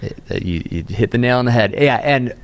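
A man's voice: mid-range voice, animated, a little fast, no echo. A man who is a pastor, talking earnestly in a casual interview and often repeating words as he thinks aloud. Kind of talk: conversational podcast interview. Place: Austin, Texas.

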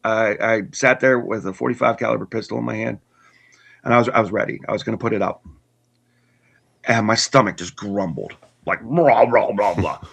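A man earnestly telling his personal story in conversation, halting with restarts and repeats. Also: fairly low pitch, steady tone, creaky, fairly bright tone. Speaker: guest telling his testimony.

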